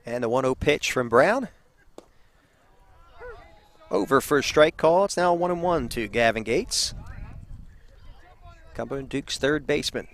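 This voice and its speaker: A man calling a college baseball game play by play from beside the field, easygoing and quick to laugh. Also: mid-range voice, expressive, a bit bright. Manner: easygoing, laughs often with co-commentator. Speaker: play-by-play announcer. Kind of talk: live baseball commentary. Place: outdoors beside a ball field.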